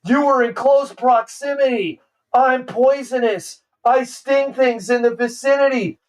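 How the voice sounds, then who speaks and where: A man's voice: very high voice, distant mic, poor audio. A man putting on a smug sneering scorpion. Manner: smug, drawn-out, scornful. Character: petulant venomous male scorpion.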